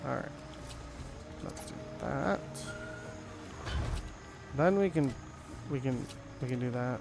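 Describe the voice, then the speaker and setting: A man's voice: mid-range voice, slow, gravelly, long pauses, over music. A young man chatting casually while playing a game, rambling with many fillers. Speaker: gaming channel host. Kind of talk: casual gameplay commentary.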